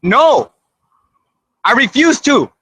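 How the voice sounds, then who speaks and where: High frightened man pleading, crying. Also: sing-song, slow pace, pushed and bright, breathy edge, no room sound, rough recording. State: crying, shaken. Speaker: citizen filming a police stop. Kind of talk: pleading confrontation on camera. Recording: played video clip.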